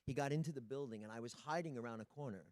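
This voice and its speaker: A man on a panel telling a story in a relaxed, plain way. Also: medium pitch, rapid-fire, no echo. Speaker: panel guest. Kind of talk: anecdote on a panel.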